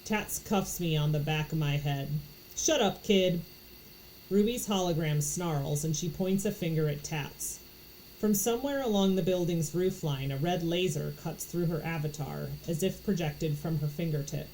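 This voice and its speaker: A woman's voice: sits low, normal speed, warm tone, slight background noise, low-quality recording. A woman from Florida reading a novel aloud, narrating in first person with expression. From Florida, USA. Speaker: audiobook reader.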